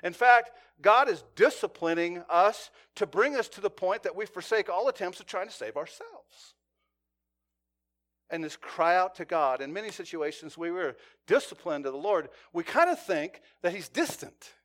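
A man preaching a sermon, telling stories in an earnest way, sometimes hushed and sometimes intense. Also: high-pitched, animated, normal speed. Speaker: pastor.

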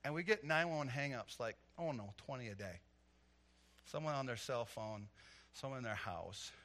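A middle-aged man preaching a sermon, telling stories with animated energy that swells into loud, emphatic preaching. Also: medium pitch, moderate pace. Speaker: pastor.

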